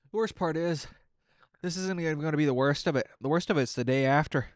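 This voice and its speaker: A gaming content creator streams a game while eating painfully spicy wings, sweating, teary and groaning in exasperation as he keeps up casual gameplay commentary through the suffering. His voice is a little high and brisk, with clean studio sound and no room sound.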